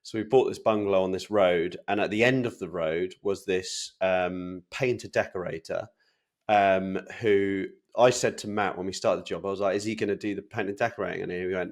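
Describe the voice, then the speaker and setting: Deep-voiced English podcast co-host. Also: male voice, steady tone, a little fast. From England. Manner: rambling anecdotes with many fillers. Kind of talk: casual chat.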